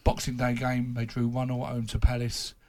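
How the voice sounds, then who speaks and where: A man's voice: medium pitch, completely flat delivery, fairly quick, a little mellow. A man, a football journalist, telling anecdotes in casual chat and laughing at his own impressions.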